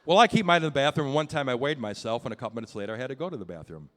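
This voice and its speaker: A man's voice: mid-range voice, animated, rapid-fire, fairly bright tone. A man doing a stand-up comedy set on a club stage, brash and self-mocking, swearing through his punchlines.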